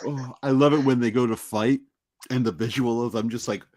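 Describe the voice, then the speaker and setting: A man's voice: medium pitch, fairly even intonation, a little fast, darkish tone. A man co-hosting a casual movie review podcast, laughing and eagerly agreeing as he recalls scenes. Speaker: podcast co-host.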